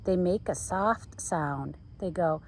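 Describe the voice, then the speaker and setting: A woman's voice: on the low side, slow pace, slight background noise, poor audio. A woman teacher reading a picture book aloud to children, playfully mimicking the sound effects.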